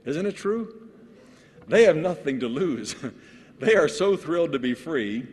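A man who is a pastor, preaching a sermon to other pastors in a lively storytelling way, with frequent restarts. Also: on the high side, unhurried. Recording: long hall reverb.

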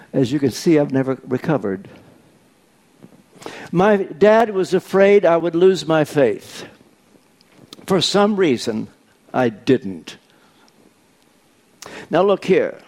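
A man's voice: a little high, big pitch swings, darkish tone. An older man preaching a sermon, telling stories with dry humor. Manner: unhurried storytelling with dry humor.

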